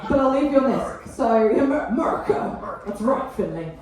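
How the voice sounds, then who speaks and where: Woman in her 30s doing standup, kinda high voice, cheeky, sounds far off in a big echoey room. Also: animated, a little mellow, some chatter behind. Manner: cheeky, quick asides and frequent laughter. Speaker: stand-up comedian. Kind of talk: stand-up set with crowd work. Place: comedy club stage with an audience.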